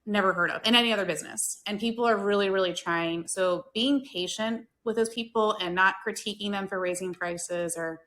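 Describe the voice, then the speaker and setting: Her voice sits in the mid range, a bit bright, and she talks briskly with few pauses. This American woman, a podcast host and hospitality worker, keeps her hospitality talk show casual, earnest, and chatty, with many fillers.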